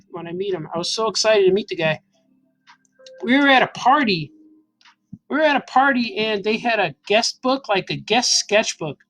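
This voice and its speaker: A man's voice: high voice, a bit bright, rough recording. A man in his forties, a cartoonist, casually telling an enthusiastic, rambling anecdote with frequent laughs. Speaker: cartoonist host. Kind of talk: casual storytelling while drawing. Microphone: camera mic.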